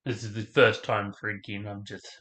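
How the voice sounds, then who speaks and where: A man's voice: lowish voice, little pitch movement, moderate pace, pushed and bright. Rambling young man reacting, echoey room. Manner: rambling, trailing off, talking with mouth full. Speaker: reaction video host. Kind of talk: casual chat.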